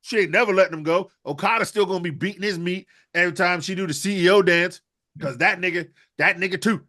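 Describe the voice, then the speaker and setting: A man's voice: high-pitched, fast talker, pushed and bright. A man co-hosting a wrestling podcast, ranting in a profane, rambling comic riff. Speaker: podcast co-host. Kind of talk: comedic rant.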